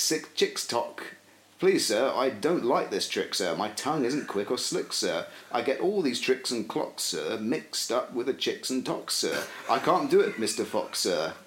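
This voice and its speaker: A man's voice: mid-range voice, fairly bright tone. A man co-hosting a podcast who banters playfully and reads a tongue-twister rhyme aloud in a sing-song way. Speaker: podcast co-host. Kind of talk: casual banter, reading a children's rhyme aloud. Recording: roomy echo.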